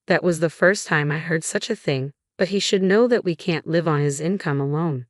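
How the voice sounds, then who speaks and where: A woman tells a first-person drama story in an even, measured delivery. Her voice is low for a woman, and the recording is dry and close with no room sound. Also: no room sound. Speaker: narrator.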